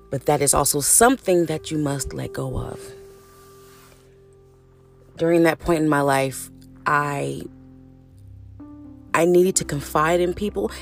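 A middle-aged woman hosting her own podcast, talking frankly in a casual, chatty way, cussing freely and calling her listeners honey and baby. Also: sits low. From California. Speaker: podcast host. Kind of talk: casual solo podcast monologue.

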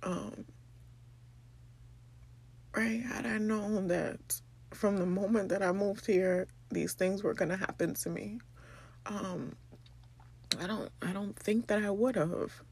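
A young woman, from the Bronx, hosting a personal podcast monologue, tearful and halting, with many pauses and ums. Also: medium pitch, fairly even intonation, gravelly, darkish tone, slightly rough. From the Bronx, New York. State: tearful, crying. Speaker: podcast host.

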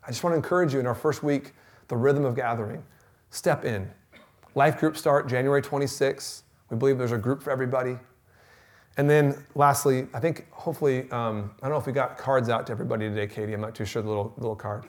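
A man in his thirties preaching a sermon in a relaxed, conversational way, telling a story and dropping to a near-whisper for emphasis. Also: medium pitch, quick pace. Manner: animated storytelling, shouting in re-enactment. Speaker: pastor.

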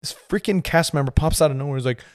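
A podcast host in his thirties tells a rambling story packed with fillers, laughing as he goes. He talks fast in a fairly high voice, recorded at studio quality with no echo.

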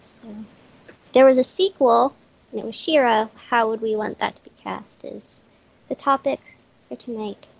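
A woman with a Southern US accent, giggly and easygoing, pitched a little high. She is heard through a dull, muffled lo-fi recording. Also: normal speed, vocal fry. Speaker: podcast guest co-host. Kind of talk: casual chat. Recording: dull lo-fi audio.

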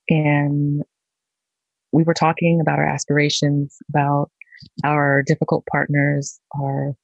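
A woman, a nurse, slowly telling her own story in a halting, reflective way. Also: low voice, gravelly, breathy edge, no echo, lo-fi sound. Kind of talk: personal storytelling.

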